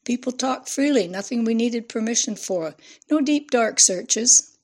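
A woman's voice: on the high side, expressive, unhurried, a little mellow. A woman reading an eager young woman assistant who talks in a breezy, defensive way.

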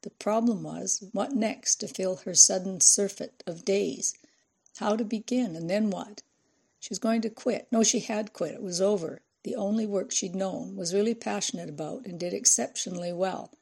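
A woman narrating an audiobook in a measured, expressive reading voice. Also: mid-range voice, creaky, slightly rough.

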